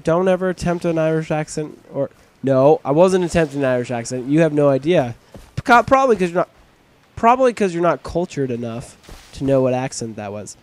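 A young man hosting a let's-play video, joking with viewers in bro slang and yelping loudly at every scare. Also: fairly high pitch. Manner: excitable, yelps and shrieks at scares. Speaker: gaming video host.

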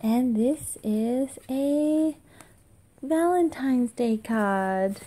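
A woman asks her toddler question after question in a slow, lilting voice, stopping to praise her and to make animal noises. Her voice sits a little high and sounds soft and mellow, and she draws every word out. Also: expressive. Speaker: mother. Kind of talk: quizzing a toddler with flash cards.

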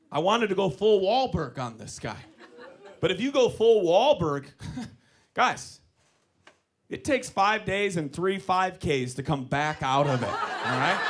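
High-voiced animated stand-up comedian, man. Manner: animated storytelling, addresses crowd as "guys". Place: comedy club stage, live audience.

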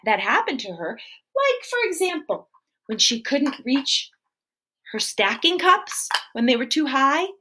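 A woman's voice: high voice, husky. Sing-song preschool storyteller woman. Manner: animated, sing-song, talks straight to the kids. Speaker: children's entertainer and storyteller. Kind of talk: preschool storytelling live stream.

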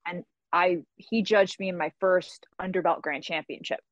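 A woman guesting on an interview show, telling stories in a lively, casual way and acting out the voices of people she quotes. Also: on the low side, moderate pace, no echo, lo-fi sound. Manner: animated storyteller who acts out quoted voices. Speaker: guest author.

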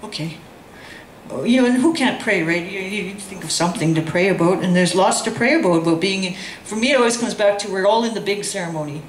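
A woman's voice: mid-range voice, fast talker. A woman telling a personal story at a community session, acting out the voices of the people in it and laughing often. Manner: animated, acts out quoted voices, laughs often. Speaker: guest speaker. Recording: echoey room with faint ambient noise.

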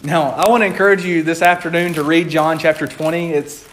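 A man's voice: on the high side, fairly even intonation, brisk, fairly bright tone, a little hiss or hum. A man preaching a conversational sermon in a church, playful and laughing often as he acts out quotes.

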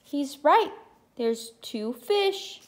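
A woman's voice: high-pitched, animated, drawn-out words. A woman teacher reading a picture book aloud to children, encouraging them to count along with her. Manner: encouraging, addresses listeners as friends.

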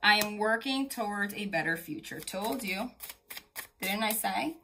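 A woman's voice: mid-range voice, animated, a little slow, music in the background. A woman doing a tarot reading straight to camera, chatty and emphatic, swearing casually and talking directly to the viewer. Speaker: tarot reader.

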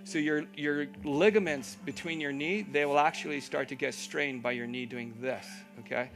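A man's voice: on the high side, steady tone, normal speed, gravelly, fairly bright tone, soft background music. A man teaching a live yoga class, giving encouraging cues, checking in with "okay?", and making playful asides.

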